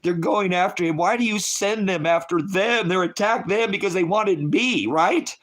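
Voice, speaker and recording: A ministry preacher offers an emotional spoken prayer to his congregation, his voice pitched high with a fairly bright tone at a moderate pace. Tearful and distraught, he pleads by asking question after question.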